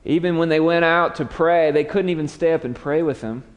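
A pastor with a fairly high-pitched male voice preaches a sermon at a fairly quick pace, and the sound fills a big room. He tells the story dramatically, acting out the lines of its characters with a raised voice.

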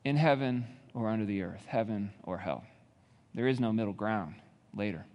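A man's voice: on the low side, moderate pace, darkish tone. Preaching man in a reverberant hall. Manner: builds to rising intensity, rhetorical questions. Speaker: pastor. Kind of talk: sermon.

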